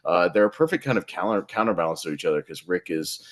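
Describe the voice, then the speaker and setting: Man, very low voice, casual movie talk, enthusiastic, measured. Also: animated. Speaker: podcast co-host.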